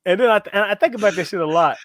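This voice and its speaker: A man co-hosting a casual fan podcast, animated, swearing freely and acting out villains' lines. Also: sits high, very fast, dry recording, studio quality. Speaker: podcast co-host.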